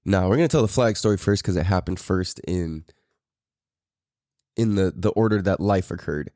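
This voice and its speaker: A man's voice: deep voice, moderate pace, dark tone, no echo, clean studio sound. A middle-aged man from San Diego hosting a podcast, telling a story in a laid-back, profane way and laughing often. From San Diego, Mira Mesa. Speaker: podcast host. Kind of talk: casual storytelling chat.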